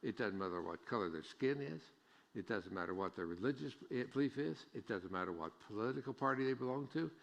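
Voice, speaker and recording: A man's voice: fairly low pitch, lively intonation, brisk, gravelly, highs cut off. A middle-aged man preaching a sermon as pastor, folksy and joking, rising to emphatic preaching. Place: church sanctuary. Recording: long church reverb.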